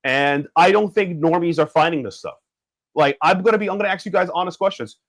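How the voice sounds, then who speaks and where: A man co-hosting a podcast in casual chat, jokey and animated, now and then slipping into loud bits. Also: fairly high pitch, brisk, no room sound, poor audio. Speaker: podcast co-host.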